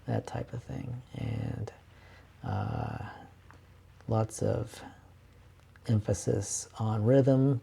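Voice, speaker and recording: A man's voice: on the low side, fairly even intonation, slow, gravelly, long pauses, dark tone, slight background noise. A man, a composer, explaining orchestration casually in a screen-share lesson, thinking aloud with fillers and restarts.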